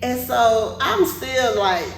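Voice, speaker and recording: Animated woman telling a funny story. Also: on the high side, takes it slowly, recorded from a distance. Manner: animated, laughs often while telling a story. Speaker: podcast co-host. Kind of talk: casual storytelling chat. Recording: echoey room, off-mic, faint noise.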